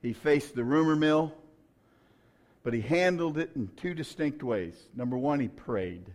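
A male pastor preaching a sermon, moving between quiet storytelling and loud, shouted preaching. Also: on the high side, lively intonation, measured pace.

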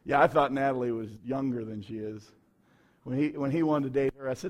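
A man's voice: medium pitch, fairly quick. A middle-aged man, a pastor, preaching a sermon with folksy stories and bursts of fervor.

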